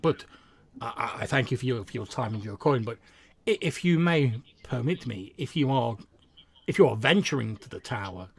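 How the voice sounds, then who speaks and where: A man's voice: medium pitch, husky, dry recording, voice pushed up. A man doing a stammering, eager wandering bard. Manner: stammering, flowery and ingratiating.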